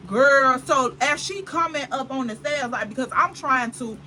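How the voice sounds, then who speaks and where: A woman vlogger telling a dramatic story in casual chat, animated and full of asides to the viewer. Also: high voice, normal speed, a little hiss or hum, poor audio.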